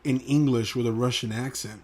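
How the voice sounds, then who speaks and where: A man co-hosting a casual podcast with a husky voice, chiming in with halting jokes. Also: mid-range voice, fairly even intonation, darkish tone. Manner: joking, halting interjections. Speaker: podcast co-host.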